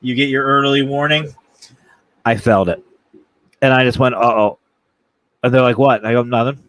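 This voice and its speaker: A man's voice: medium pitch, a little fast, no room sound. Jokey man telling a story, dry sound. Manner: jokey, animated storyteller acting out voices. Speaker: podcast host. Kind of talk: casual storytelling chat.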